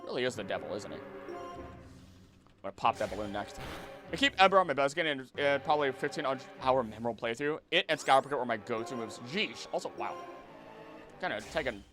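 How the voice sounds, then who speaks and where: A young man casually commenting on his gameplay while he streams, chatty and animated, with sudden loud outbursts. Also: mid-range voice, a little fast, soft background music. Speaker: streamer playing a video game.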